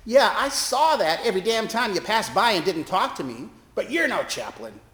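A man's voice: high voice, very animated, normal speed, fairly bright tone, echoey room, pitched above the performer's own voice, exaggerated voice. A man doing a sneering grizzled old street preacher. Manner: growling, accusing, mocking.

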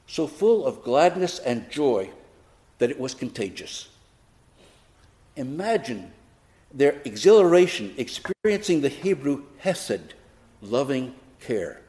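A man preaching a sermon, telling a personal story in an unhurried, reflective way with touches of gentle humor. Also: a little high.

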